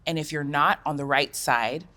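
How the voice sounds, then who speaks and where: Female panelist, low pitch, frank conversational delivery. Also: normal speed, sharp tone. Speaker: panel guest. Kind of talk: panel discussion.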